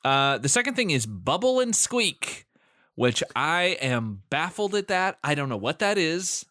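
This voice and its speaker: A man co-hosting a casual movie podcast, with a bright, forceful voice. He recaps scenes with easy fillers, laughs a lot and riffs on wild theories. The sound is close and dry, with no echo. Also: on the high side, sing-song, unhurried. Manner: laughs often, riffs and speculates on plot details. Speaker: podcast co-host. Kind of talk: casual chat.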